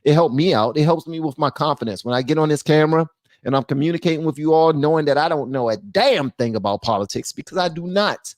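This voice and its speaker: A man's voice: fairly high pitch, fast, dry recording, clean studio sound. Blunt man talking straight to camera. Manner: animated, blunt, talks straight to viewers. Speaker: channel host. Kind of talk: casual political commentary.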